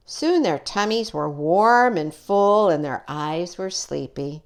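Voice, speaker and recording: A woman reading a children's picture book aloud in an expressive, unhurried way. Her voice sits a bit low and swings widely in pitch. She takes her time with every line. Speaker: storybook reader. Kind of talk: children's story read-aloud.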